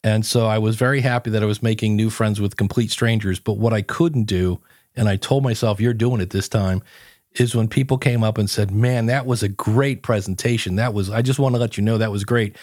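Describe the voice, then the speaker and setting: A man's voice: lowish voice, steady tone, fairly quick, darkish tone, no room sound, clean studio sound. A man guesting on a podcast, telling stories in a casual chat and acting out his own quotes.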